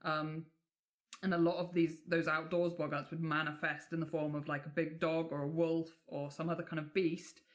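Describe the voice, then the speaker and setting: A woman's voice: low voice, flat delivery, normal speed. Woman, from England, podcast co-host, casual folklore storytelling, chatty, swears freely.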